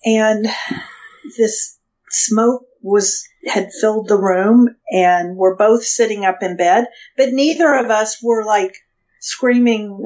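A woman being interviewed as a guest, telling a personal story in a halting way with frequent restarts. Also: mid-range voice, darkish tone. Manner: hesitant, halting with restarts and fillers. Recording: dull lo-fi sound.

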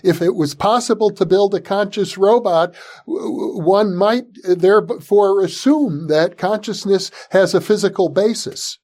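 Measured male interviewer. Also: sits high, a little mellow. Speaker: interview host. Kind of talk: interview questions.

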